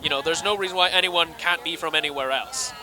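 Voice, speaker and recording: A man with a Scottish accent, chatting quickly and animatedly in an interview at a red carpet event. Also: a little high, crowd noise. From Scotland. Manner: fast, animated, acts out quoted voices. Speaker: interviewee, actor and magician.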